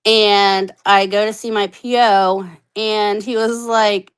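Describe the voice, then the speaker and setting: A woman in her thirties telling her own story candidly on a podcast, animated, acting out the voices she quotes and swearing freely. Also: medium pitch, a little slow, few pauses, clean tone, rough recording. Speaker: podcast guest.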